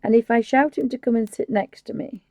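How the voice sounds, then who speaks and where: Soft-spoken woman with a gravelly voice. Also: on the high side, fairly quick, dry recording. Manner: soft-spoken, often dropping to a whisper; rambling, apologetic asides. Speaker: craft channel host. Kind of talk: live painting tutorial, casual chat. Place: home desk.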